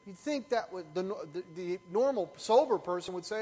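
A middle-aged man preaches to his congregation in a high, light voice. He tells his stories with animation and keeps asking the room rhetorical questions. His words ring out with a long reverb through a church hall. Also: lively intonation, moderate pace, hardly any pauses. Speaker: pastor. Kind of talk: sermon.

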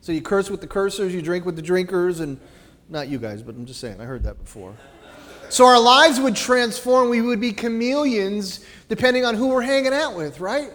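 A man delivers a sermon in a church with a high, animated voice. He swings between loud, emphatic phrases and soft, low asides, and his words trail off into the long echo of the hall. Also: normal speed. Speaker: preacher.

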